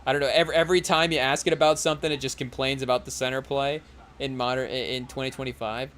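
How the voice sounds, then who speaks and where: A man's voice: medium pitch, level tone, fast, fairly bright tone. A young man hosting a podcast in casual chat while watching a live game, rambling and often saying "hey, yo" and addressing the chat. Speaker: podcast host.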